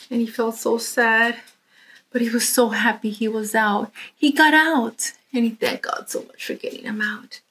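A woman's voice: fairly high pitch, steady tone, measured pace, fairly bright tone. A woman telling a children's story in a church, speaking expressively and dropping to a whisper for suspense.

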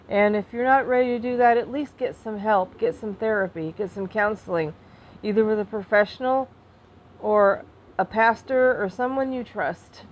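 A woman talking to camera in an emotional personal monologue, impassioned, restarting and repeating herself, flaring into anger and then softening. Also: fairly high pitch, dull audio. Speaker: vlogger.

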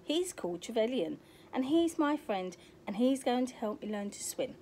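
A woman voicing an excitable young boy otter in a children's storybook, full of exclamations. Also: a little high, normal speed, slight background noise, voice pushed up. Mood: eager.

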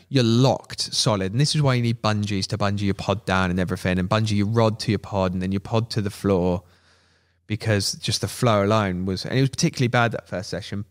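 A man telling a fishing story as a podcast guest, animated, laughing and acting out what people said. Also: fairly low pitch. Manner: animated, laughing, acts out quotes. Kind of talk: casual storytelling.

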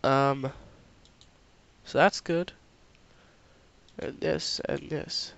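A man's voice: on the high side, steady tone, extremely slow, gravelly, a bit bright, lo-fi sound. A young man with a stuffy cold, casually commenting on his own gameplay as a channel host, chatty and self-mocking. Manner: chatty, self-mocking, talks to himself while playing.

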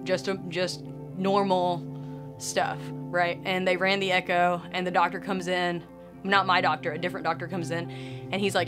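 A woman sharing a personal faith testimony in an earnest, emotional way, with soft laughs between phrases. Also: on the low side, flat delivery, normal speed, over music.

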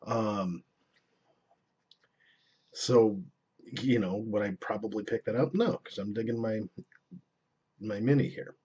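Young guy doing a rambly cursing vape review, low raspy voice, muffled lo-fi audio. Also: takes it slowly, long pauses, dark tone. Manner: rambling, profane, self-interrupting. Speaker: vlogger reviewing vape gear. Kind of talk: casual product review. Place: indoors at home. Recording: dull lo-fi camera audio.

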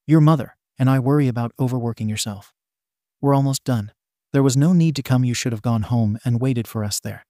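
A man voicing a tall, gaunt, gentle father in a storybook reading, fond and gently formal. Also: medium pitch, fairly quick, no room sound, studio quality, natural voice.

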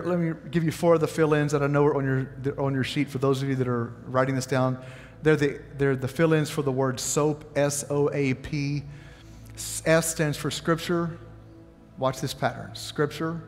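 A medium-pitched man preaches in a church sanctuary, his voice filling a large hall. As pastor, he animatedly tells a story and asks the congregation questions.

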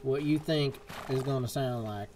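Playing a game live, the young streamer hams it up with a put-on cowboy drawl, keeping things jokey and casual. His mid-range voice has a darkish tone and normal speed. Game music runs underneath, along with a little hiss or hum.

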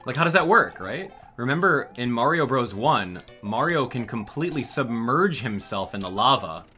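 A young man, a gaming channel host, talks through a game in a lively commentary voice whose pitch leaps up and down as he gets excited. He jokes around and chats back to his viewers, with faint music playing underneath. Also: moderate pace. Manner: excitable, jokey, reads and answers chat. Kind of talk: live gameplay commentary.

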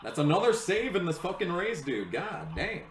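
Excitable young man yelling at a race. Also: high-pitched, normal speed, roomy sound, faint music behind, poor audio. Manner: excitable, swearing, yelling at the screen. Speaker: streamer reacting to a race. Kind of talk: live reaction commentary.

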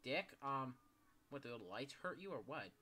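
A man's voice: mid-range voice, expressive, moderate pace, pushed and bright, slight background noise. Panicky, foul-mouthed young male gamer. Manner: swearing, panicky outbursts. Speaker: gaming YouTuber. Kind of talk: gameplay commentary.

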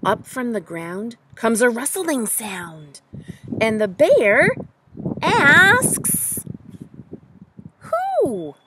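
A woman teacher reading a picture book aloud to young children, animated and full of questions, addressing them directly. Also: a little high, slow pace, background noise. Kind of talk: children's story time read-aloud.

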